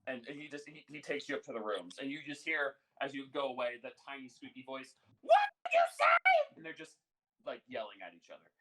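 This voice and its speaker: A man's voice: medium pitch, fast, few pauses, bright, forceful tone, slight background noise, low-quality recording. A man narrating as game master in a casual, rambling way. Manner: casual, lots of fillers and restarts.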